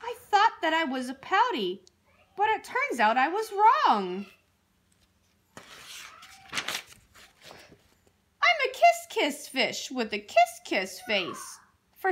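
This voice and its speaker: A woman's voice: on the high side, a bit bright, exaggerated voice. A woman voicing a gloomy male fish in a children's storybook, chanting his mopey refrain in a sing-song way.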